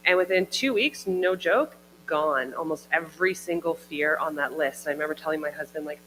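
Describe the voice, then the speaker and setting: A woman's voice: low voice, brisk, fairly bright tone, faint music behind. A woman giving a heartfelt personal testimony at a church service, chatty and full of "like" and "I remember". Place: church hall. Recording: hall reverb with faint mains hum.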